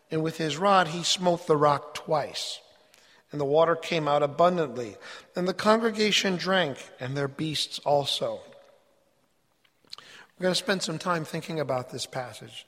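Preacher: man with a fairly high voice, earnest and emphatic sermon delivery, long hall reverb. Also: a bit bright. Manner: earnest, emphatic, reads scripture aloud.

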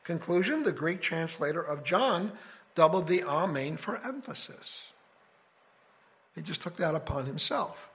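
A man's voice: a little high, animated, measured pace, a bit bright. A man teaching a casual scripture study, explaining his reasoning step by step in a conversational way. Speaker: Bible teacher.

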